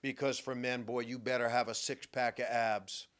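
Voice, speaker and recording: Older New man, talk-show host, punchy storytelling that drops quiet then booms. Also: level tone, normal speed, clean tone. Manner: emphatic storytelling, swings from hushed to loud. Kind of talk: radio-style talk monologue.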